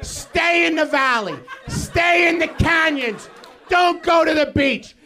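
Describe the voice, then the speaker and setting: Shouting high-pitched ranting male comedian. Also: slow pace, faint music behind. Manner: shouting, exasperated, profane ranting. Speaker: comedian guest. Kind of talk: live stand-up rant on a podcast stage.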